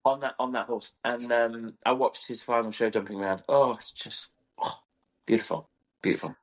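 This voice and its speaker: Man, podcast co-host, mid-pitched, enthusiastic and gushing. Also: fairly even intonation, normal speed. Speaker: podcast co-host, event rider. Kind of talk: casual chat.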